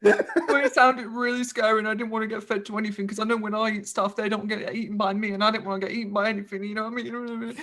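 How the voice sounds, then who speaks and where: A woman's voice: mid-range voice, flat delivery, quick pace, fairly bright tone, natural voice. A woman voicing a timid male goblin captive, stammering and rambling as he pleads. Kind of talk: tabletop role-play voicing.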